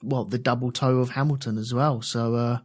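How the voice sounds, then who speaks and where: A man co-hosting a podcast, telling stories in an animated way. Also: medium pitch, brisk. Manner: animated storytelling with put-on voices. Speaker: podcast co-host. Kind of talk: casual chat.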